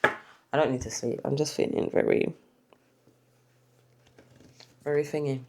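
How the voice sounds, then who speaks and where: With a noisy background behind her, a bass-voiced English woman briskly chats through her weekly cash budget, her intonation fairly even. The budgeting vlogger rambles while counting money, yawning and clearly tired.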